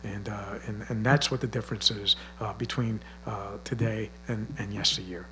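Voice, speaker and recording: A man, a county sheriff, speaking haltingly with many restarts at a public library panel. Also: fairly low pitch, steady tone, pushed and bright, a little hiss or hum. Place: library community event.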